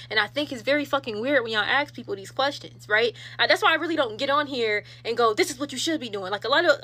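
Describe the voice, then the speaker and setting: Blunt, high, bright-voiced woman. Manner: blunt, profane and fast-talking. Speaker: social media commentator. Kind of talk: casual direct-to-camera rant. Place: local to Buffalo, New York.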